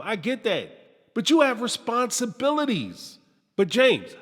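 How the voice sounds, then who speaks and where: A man riffs through a reality show recap in a high, sarcastic voice full of slang. His pitch leaps and dips all over as he talks, and the sound rings with a long reverb. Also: a bit bright. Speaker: reality TV reviewer host. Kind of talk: commentary monologue.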